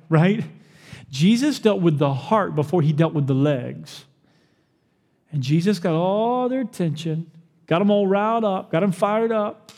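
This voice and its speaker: A man preaching a sermon as pastor, animated, asking the crowd questions and acting out the people he quotes. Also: sits high, moderate pace, in a large hall.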